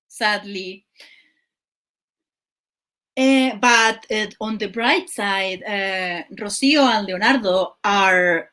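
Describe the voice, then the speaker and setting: Here the show host, a woman with a mid-range, slightly bright voice, chats through a telenovela recap. She sounds exasperated and uses lots of fillers.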